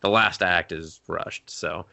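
Low but bright guy joking around about a movie, swears a lot, dry close mic. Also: fairly even intonation, creaky, dry recording. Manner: joking, profane, quick banter. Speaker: podcast co-host. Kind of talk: casual chat.

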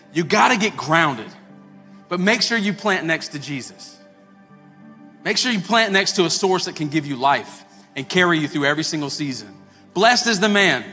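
Male pastor, high and animated, preaching from the stage in a reverberant sanctuary with faint music under him. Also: normal speed. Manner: animated, acts out quoted voices, repeats words. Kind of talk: sermon. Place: church sanctuary.

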